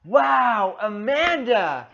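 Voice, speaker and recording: A woman's voice: on the high side, very animated, creaky, fairly bright tone, highs cut off. A woman teaching a demo English lesson to a young child, giving over-the-top praise, drawing out her words and making animal noises. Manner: exaggerated, enthusiastic praise; slow, drawn-out words.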